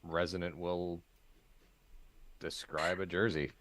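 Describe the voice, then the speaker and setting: Very deep-voiced male player. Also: flat delivery, slow pace, background noise. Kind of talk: tabletop game play.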